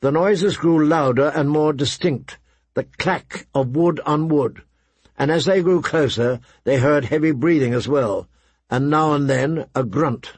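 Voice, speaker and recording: Male audiobook narrator, husky, mid-pitched, dry close recording. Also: unhurried, no echo.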